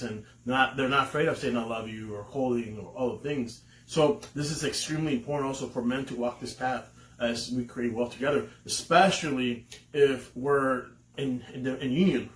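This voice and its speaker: A man co-hosting a podcast in casual chat, telling candid stories with laughter and swearing. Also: mid-range voice. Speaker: podcast co-host. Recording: roomy room with faint noise.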